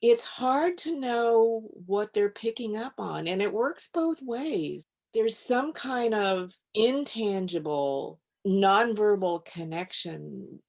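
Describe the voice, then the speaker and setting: A woman who is a physician and author, guest on a podcast interview, telling stories in a calm, measured way. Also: medium pitch, creaky.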